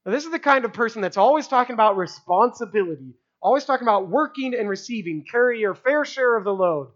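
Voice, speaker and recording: A man preaching a sermon to a live congregation, conversational, often asking "right?" and dropping to a hushed voice for emphasis. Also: very high voice, animated, quick pace. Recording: dull lo-fi sound.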